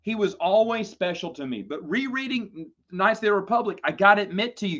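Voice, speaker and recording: A man hosting a live Q&A stream, chatting casually and telling lively, playful stories to viewers. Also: high-pitched, fairly quick, hardly any pauses. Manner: animated storytelling, lively and playful. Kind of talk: casual livestream chat. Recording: dull lo-fi stream audio.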